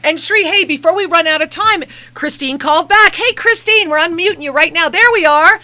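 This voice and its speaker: A woman hosting a call-in radio show, giving effusive, emotional soul readings that slow into soft guided meditation. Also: very high-pitched. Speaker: radio show host and spiritual reader.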